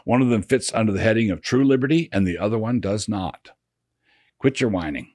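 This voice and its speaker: An older man, a pastor, reading his essay aloud in a measured, sardonic way. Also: fairly low pitch, a little mellow, dry recording, studio quality. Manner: sardonic, measured, drops voice for quotes. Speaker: pastor and blogger.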